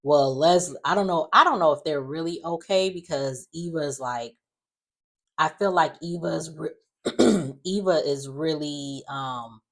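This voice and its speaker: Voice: medium pitch, measured pace, a bit bright. Soap recap host, casual and opinionated, rambling with asides. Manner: chatty and opinionated, many fillers and asides.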